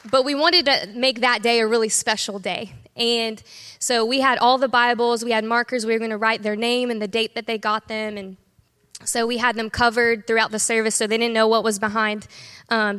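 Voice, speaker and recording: Woman church leader, storytelling on stage, slightly high voice, big reverberant room. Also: fairly bright tone, clear, resonant tone. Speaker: kids ministry director. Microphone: stage microphone. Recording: long hall reverb.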